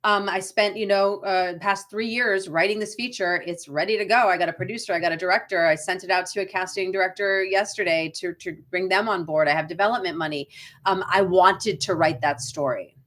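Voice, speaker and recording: A woman's voice: on the low side, fairly even intonation, fairly quick, fairly bright tone. A middle-aged woman with a Boston accent, hosting a live coaching chat for actors, talking casually and often tagging her points with a questioning "right?". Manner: chatty, frequent "right?" tag questions, reads viewer comments aloud. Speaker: acting career coach.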